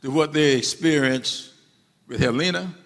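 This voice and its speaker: This man speaks to an audience with emphasis, repeating important phrases to drive them home. He talks unhurriedly in a higher register with vocal fry and a touch of brightness, recorded amid a hall's long reverb.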